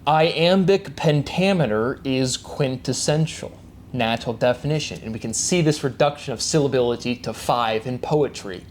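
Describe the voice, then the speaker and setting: A man's voice: mid-range voice, slight background noise. A man giving a rambling solo monologue, speeding through repeated catchphrases and invented words, with frequent restarts. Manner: fast, repetitive wordplay with frequent restarts and coined words; chanted catchphrases. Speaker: solo presenter.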